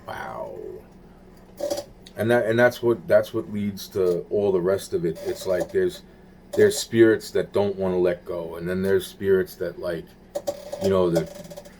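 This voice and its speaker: A man's voice: low-pitched, steady tone, a little slow, background noise. A man talking in a rambling, repetitive monologue, swearing and searching for words.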